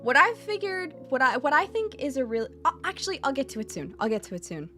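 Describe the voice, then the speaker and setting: A woman's voice: high-pitched, sing-song, fast, pushed and bright, faint music behind. Blunt, teasing woman streamer. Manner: blunt, profane and teasing, keeps checking in with "okay?"; repeats phrases for emphasis. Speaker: VTuber streamer teaching Japanese. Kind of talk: casual livestream lesson.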